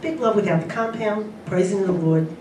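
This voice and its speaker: A middle-aged woman doing a stand-up comedy set on a convention stage, with punchy, drawn-out delivery and laughs. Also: medium pitch, very noisy. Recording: echoey room from far off, loud ambience. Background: audience laughter.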